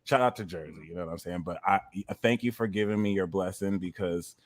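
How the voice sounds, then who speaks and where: A man hosting a podcast, chatting casually about astrology in laid-back slang, breaking into excited outbursts. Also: low-pitched, fast talker, dry recording. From United States. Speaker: podcast host.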